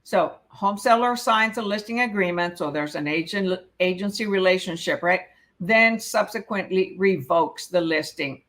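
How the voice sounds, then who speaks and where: A woman leads a live real estate exam prep session, reading each question aloud before walking through the answer. Her voice sits a little low for a woman, and she keeps checking in with "okay?" and "right?" as she explains. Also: normal speed, fairly bright tone.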